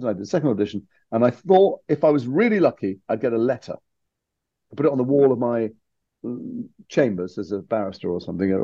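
A man's voice: lowish voice, warm tone, slightly rough, no room sound, dull audio. A man from Liverpool, a guest actor telling his story candidly and animatedly in a casual interview chat. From Liverpool, England.

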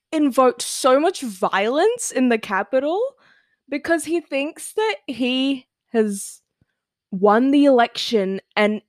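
A woman's voice: fairly high pitch, no room sound, studio quality. A teenage girl from Australia hosting her own podcast, chatting casually, giggling often and filling her talk with "like". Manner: giggly, chatty, lots of "like" fillers. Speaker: podcast host. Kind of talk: casual solo podcast chat.

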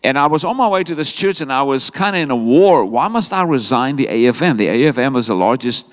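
A middle-aged South African pastor delivers a fast, animated sermon, telling his story and slipping into quoted lines as both God and himself. His mid-pitched male voice echoes through a large hall with long reverb.

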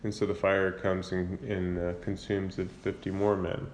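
A man with a deep voice and flat delivery casually retells a Bible book in his own words at a moderate pace, offering summary and commentary. He uses fillers and corrects himself, and there's a little hiss or hum.

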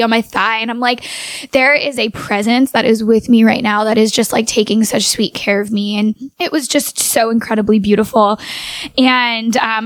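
A woman's voice: on the high side, fairly bright tone, dry recording. A woman telling a personal story in a casual, earnest way, with "like" filling many of her sentences. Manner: earnest, full of "like" fillers.

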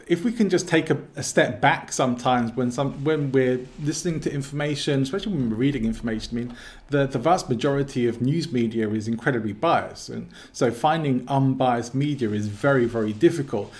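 A man with an English accent, explaining his views as an interview guest in a calm, measured way. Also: medium pitch. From England. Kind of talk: casual interview talk.

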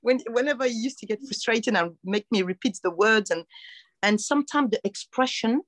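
A woman's voice: fairly high pitch, normal speed, no echo. French-accented woman telling stories. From Algeria. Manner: animated storytelling, acts out dialogue. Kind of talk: casual chat.

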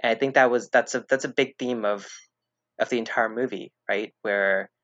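A man chatting casually as a podcast guest, rambling and hesitant, restarting his sentences and filling pauses as he goes. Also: mid-range voice, steady tone, fairly bright tone, dry recording. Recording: dull lo-fi dry recording.

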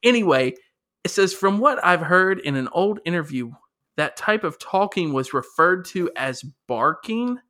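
A man co-hosting a casual podcast, talking in an animated way, laughing often and reading questions aloud. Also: sits high, unhurried. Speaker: podcast co-host. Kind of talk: casual chat.

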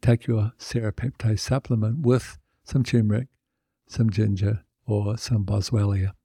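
Gravelly, husky podcast host. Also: male voice, on the low side, flat delivery, a little slow, warm tone, no echo, studio quality. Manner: chatty, self-mocking, fond of puns and jokes. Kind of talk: casual podcast monologue.

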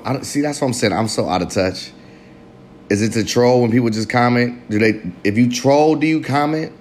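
Guy ranting solo on his podcast, cussing a lot, loud then mumbly, roomy echo. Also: a little hiss or hum. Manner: profane, rambling, swings between loud and low mutters. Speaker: podcast host. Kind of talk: casual monologue podcast.

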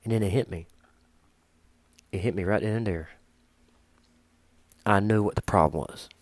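A man performing a comic monologue, telling an exaggerated story in an animated way. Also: lowish voice, moderate pace, no room sound. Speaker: comedian.

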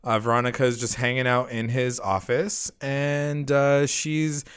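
A young man co-hosting a casual TV recap podcast, relaxed and chatty, saying y'all and swearing now and then. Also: mid-range voice, a little slow, smooth. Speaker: podcast co-host.

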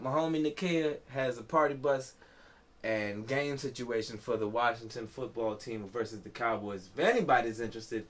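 A tipsy man hosting a podcast, rambling casually and profanely, with a constant "you know what I'm saying.". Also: mid-range voice. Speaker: podcast host.

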